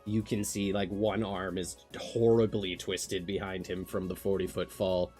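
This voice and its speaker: A man's voice: deep voice, level tone, unhurried, darkish tone, faint music behind. A man running a tabletop game on a stream, casual and swearing as he narrates the action. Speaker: game master.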